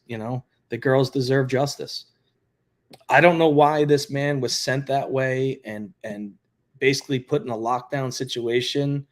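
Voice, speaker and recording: A man in the middle of a casual livestream, talking offhandedly to viewers in the chat. His delivery is blunt and conversational, with an ordinary mid-range pitch, like a retired cop thinking out loud. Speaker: retired law enforcement livestream host.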